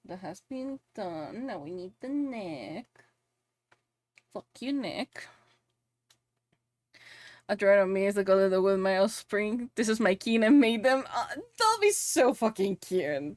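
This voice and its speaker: A woman with a Spanish accent, a VTuber streamer and model rigger, chats casually on a live stream while working, giggling and swearing playfully. Her mid-range voice is very animated yet measured in pace, and the recording is dry.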